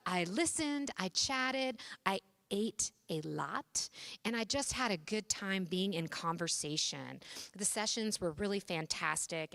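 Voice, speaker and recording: A woman's voice: medium pitch, a bit bright, no echo. A middle-aged woman, a university president, giving an upbeat welcome speech on an event stage with chatty asides.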